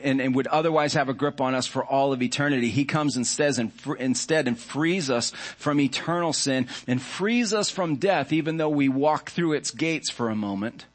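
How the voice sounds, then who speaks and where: A male pastor delivering a sermon in a mid-pitched voice. He speaks earnestly and reflectively, with measured, unhurried phrasing.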